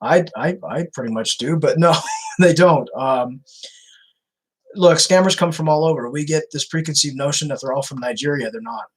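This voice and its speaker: Husky guy doing a chatty stream q&a, repeats stuff, um a lot. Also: on the high side, normal speed, rough recording. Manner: chatty, repeats himself, many fillers. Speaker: scam baiter answering viewer questions. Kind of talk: casual Q&A livestream.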